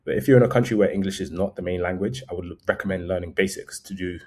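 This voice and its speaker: A man's voice: low-pitched, fast, darkish tone. A man vlogging casual travel advice in a conversational, meandering way, often correcting himself mid-sentence.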